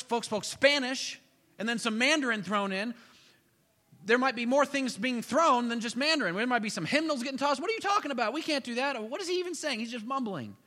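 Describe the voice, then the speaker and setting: Male pastor, high bright voice, animated sermon storytelling with acted-out voices, reverberant sanctuary. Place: church sanctuary.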